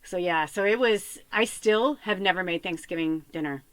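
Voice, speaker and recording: Woman podcast host, low-ish voice, dry sound, rambling casual chat. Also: normal speed, no echo. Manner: rambling, repeats "I'm like", animated retelling. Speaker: podcast host and spiritual medium.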